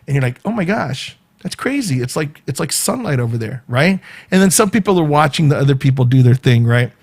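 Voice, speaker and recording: A man's voice: medium pitch, lively intonation, a little fast, creaky, husky. A man with a Southern California accent, hosting his own show and chatting casually to viewers, rambling and repeating words as he goes. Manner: rambling, repeats words, talks to live commenters by name. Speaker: show host and event organizer.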